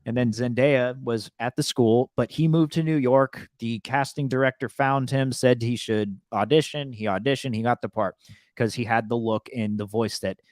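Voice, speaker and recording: A man co-hosting a podcast in casual chat, often halting and repeating words as he thinks. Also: mid-range voice, fairly even intonation, a little mellow, no room sound, clean studio sound. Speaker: podcast co-host.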